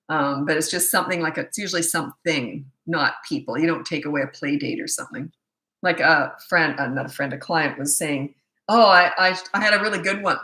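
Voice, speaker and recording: Blunt, bright-voiced woman parenting coach. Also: sits low. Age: middle-aged. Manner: blunt, tactless, laughs at herself. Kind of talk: live Q&A answering viewer questions.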